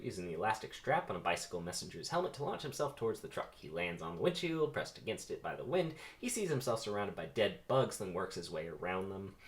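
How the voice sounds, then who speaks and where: A man's voice: lowish voice, very animated, fairly quick. A man doing a comedic read-through of a film script, narrating the action with playful, self-mocking asides. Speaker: amateur script reader.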